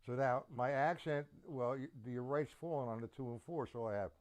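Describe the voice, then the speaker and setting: A man teaching a drum lesson, counting the beats aloud slowly and emphatically. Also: mid-range voice, heavy background noise. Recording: loud drum kit over voice. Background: loud drums.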